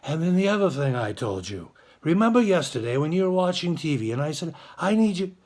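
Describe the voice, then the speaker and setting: A man's voice: fairly high pitch, very animated, brisk, darkish tone. Man putting on a fussy English-accented scolding parent. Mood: exasperated scolding. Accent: put-on English. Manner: mock-stern, fussy scolding. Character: exasperated English parent scolding messy kids.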